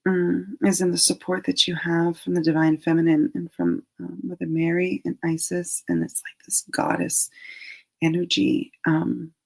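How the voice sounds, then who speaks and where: A middle-aged woman leads a live-streamed card reading at an unhurried pace. Her voice is gravelly and slightly husky, and she talks in a chatty, gently reassuring way. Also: fairly low pitch, rough recording. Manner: chatty and gently reassuring, drops into soft asides. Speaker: angel card reader hosting a live stream.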